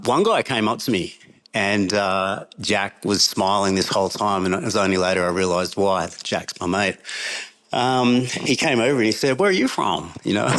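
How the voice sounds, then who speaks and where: This is a relaxed Australian man in middle age, telling a long anecdote as a podcast guest. His voice sits on the low side, and he breaks into laughs often as he wanders through the tale. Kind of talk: casual anecdotal storytelling.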